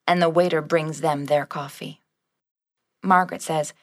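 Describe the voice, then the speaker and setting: A woman narrating a beginner English lesson with measured, clear reading. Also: sits low, fairly even intonation. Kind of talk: scripted narration.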